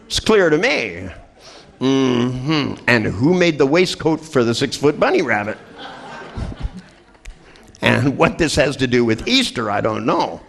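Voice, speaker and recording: A man's voice: mid-range voice, very animated, a little slow, gravelly, pauses often. A middle-aged man giving a humorous seminar talk to a group, telling jokey stories and acting out the voices of people in them. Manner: joking storyteller who acts out quoted voices. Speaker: seminar trainer.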